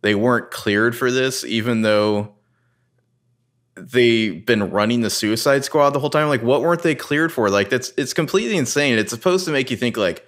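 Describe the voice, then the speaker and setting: A man's voice: medium pitch, expressive, normal speed, a bit bright. A man in casual podcast chat, sounding incredulous and exasperated and swearing freely.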